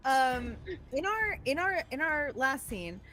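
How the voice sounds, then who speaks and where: A woman running a tabletop game as game master, talking quickly and encouragingly. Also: sits high, big pitch swings, pushed and bright.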